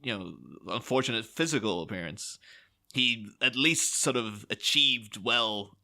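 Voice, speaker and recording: Bright-voiced rambling man. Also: medium pitch, measured pace. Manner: rambling, enthusiastic, many restarts. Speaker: podcast co-host. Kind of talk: casual film podcast chat.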